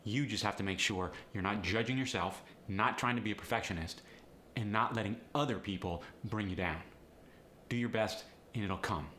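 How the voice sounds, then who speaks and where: Man, dialect coach, brisk and encouraging, bright tone, roomy echo, faint room noise. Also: fairly low pitch. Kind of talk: accent tutorial.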